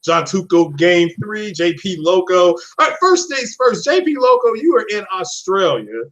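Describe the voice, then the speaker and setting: A man hosting a casual live-streamed podcast, upbeat and full of shout-outs to his chat. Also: high-pitched, big pitch swings, normal speed. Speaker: podcast host. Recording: muffled lo-fi stream audio.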